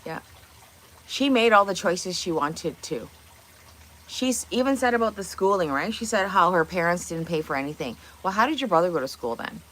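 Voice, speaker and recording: A woman's voice: lowish voice, lively intonation, moderate pace, a bit bright. A woman hosting a casual livestream from her kitchen, blunt and opinionated, swearing and firing off rhetorical questions. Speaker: livestream host. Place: home kitchen.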